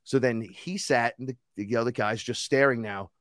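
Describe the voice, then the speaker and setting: A man's voice: mid-range voice, moderate pace, no echo, studio quality. A man telling a long story in a casual conversation as a podcast guest, swearing freely and acting out other people's voices. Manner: animated, profane, acts out other people's voices. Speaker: podcast guest, rapper and shaman.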